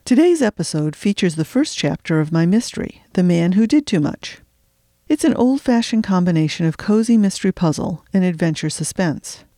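A woman's voice: lowish voice, expressive, moderate pace, warm tone, no room sound, studio quality. A woman hosting a fiction podcast, chatting wryly before reading her own mystery story aloud from her attic. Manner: wry, chatty and self-deprecating. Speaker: podcast host and fiction reader. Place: home attic.

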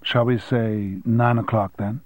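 A man doing a smooth, genteel foundation director. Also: lowish voice, fairly even intonation, unhurried, darkish tone, dry recording, close to an everyday voice. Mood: polite.

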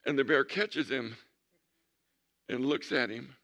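A man's voice: medium pitch, slow pace, vocal fry, fairly bright tone. A man in his sixties, a pastor preaching a conversational sermon with humorous storytelling in a church. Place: church sanctuary.

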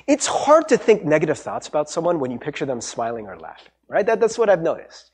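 Husky-voiced man preaching with lively pitch. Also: fast. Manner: conversational, warm-humored preaching with restarts and asides. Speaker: pastor. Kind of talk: sermon.

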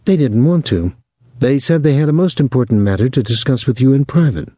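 A man voicing an eager, quick-spoken teenage girl, lifting his pitch higher. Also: lively intonation, warm tone, dry recording, clean studio sound, lightly acted. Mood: breathless.

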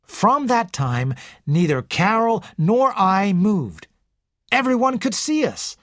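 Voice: medium pitch, big pitch swings, takes it slowly, no echo, studio quality, pitched above the performer's own voice. A reader voicing a shaken young man who stammers and pleads, in an audiobook. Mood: earnest, pleading. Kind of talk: audiobook character reading.

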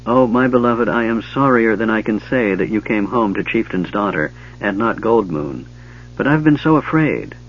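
A man voicing a proud tribal chieftain's daughter who speaks softly, earnestly and formally, in a dull lo-fi recording. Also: fairly low pitch, expressive, normal speed. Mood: tender. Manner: soft, earnest, formal speech.

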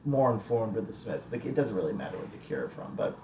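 A man's voice: fairly low pitch, very animated, fast, a crowd in the background. Laid-back man in a roomy space. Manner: laid-back, laughs often, trailing hesitant phrasing. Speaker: podcast co-host. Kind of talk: casual chat about music.

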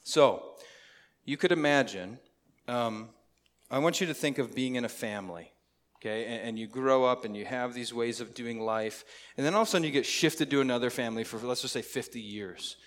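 A man delivering a sermon with a mid-range voice. He talks in a relaxed, conversational way and keeps putting questions to the congregation. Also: medium pitch, moderate pace. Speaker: pastor.

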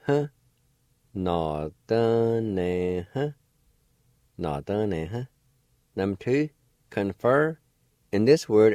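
Brief: male language teacher, low voice, very slow and patient, spells and sounds out syllables. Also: a little mellow, no echo, studio quality. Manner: patient, spells out letters and syllables one at a time. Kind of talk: slow spelling and pronunciation lesson.

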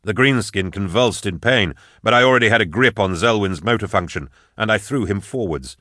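A man reading a dark first-person fantasy story aloud in a measured, grave storytelling manner. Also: lowish voice, no echo, studio quality. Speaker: narrator. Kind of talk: audiobook narration of dark fantasy fiction.

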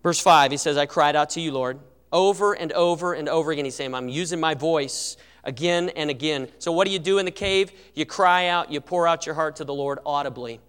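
Male pastor, fairly high clear voice, earnest sermon delivery, long church reverb. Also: a little fast, a bit bright. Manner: earnest, rises and drops in volume for emphasis. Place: church sanctuary.

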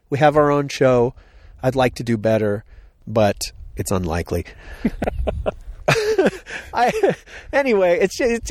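A podcast co-host talking casually outdoors, rambling with frequent restarts. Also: male voice, a little high, dry recording, clean studio sound. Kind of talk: casual chat. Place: outdoors on a hill.

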